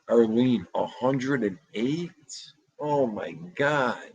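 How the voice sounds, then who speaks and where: A man hosting a casual livestream from home, loudly greeting chatters by name and reacting to comments. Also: medium pitch, lively intonation, slow pace, breathy edge, no echo, highs cut off. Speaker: livestream host. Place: home room.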